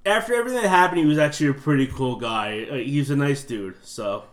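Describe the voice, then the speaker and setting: A man's voice: mid-range voice, fast talker. Man telling a rambling story. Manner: rambling anecdotes with laughs. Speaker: podcast co-host. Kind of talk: casual storytelling chat.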